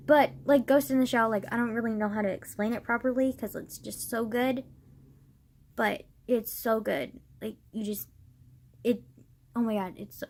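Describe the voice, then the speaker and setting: A young woman vlogging in a loose, rambling way, filling every gap with "like" and the odd swear word. Her voice sits a little high, and she drifts from sleepy mumbling to heated ranting. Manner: rambling, heavy use of "like", swearing, gets worked up. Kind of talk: casual rambling monologue.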